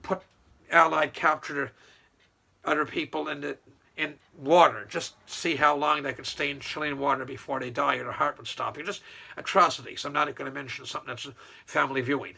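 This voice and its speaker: A man ranting casually about local politics, rambling and scornful, with loud mocking outbursts. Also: on the high side, steady tone, fairly quick, gravelly, husky. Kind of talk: casual political rant to camera.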